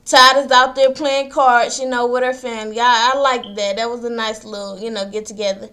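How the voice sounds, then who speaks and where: A high-voiced woman, chatting through a reality show recap. She talks loosely and slangily and slips into quoted voices as she retells the scenes. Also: level tone, a little fast, pushed and bright. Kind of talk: casual episode recap.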